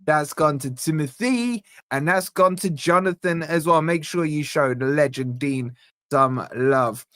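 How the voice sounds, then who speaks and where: A man hosts a live stream in an upbeat, chatty way, giving shout-outs as he reads super chats. His voice sits a touch high. The sound is dry and close to the mic. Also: unhurried, dry recording. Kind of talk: casual live stream chat.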